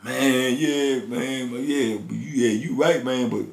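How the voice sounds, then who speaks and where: A man's voice: medium pitch, steady tone, a little slow, creaky, pitched below the performer's own voice. A man voicing an angry young male inmate with wounded pride, talking in heated, insistent slang. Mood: grudging. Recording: roomy echo.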